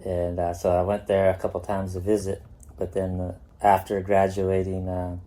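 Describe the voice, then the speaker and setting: A middle-aged pro skateboarder from California, on as a guest, speaks in a low, mellow monotone at normal speed. He tells laid-back stories casually, swearing freely and laughing along the way.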